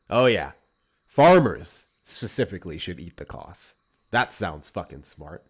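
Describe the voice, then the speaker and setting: Male host, casual political livestream, lively swooping pitch, swears a lot. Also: a little slow, husky. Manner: animated, profane, mocking.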